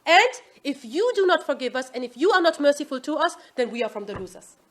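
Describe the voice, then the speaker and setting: High-voiced woman teaching an Islamic class. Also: quick pace. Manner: asks the class "Yes?" often, lively quoting. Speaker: religious teacher.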